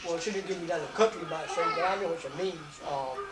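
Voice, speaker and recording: An older man, telling rambling stories quickly at a family gathering. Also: fairly high pitch, loud music behind the voice. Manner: rambling storytelling, quick talker. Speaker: family elder. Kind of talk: casual family chat. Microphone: camcorder microphone from across the room. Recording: roomy, distant home camcorder audio with crowd noise.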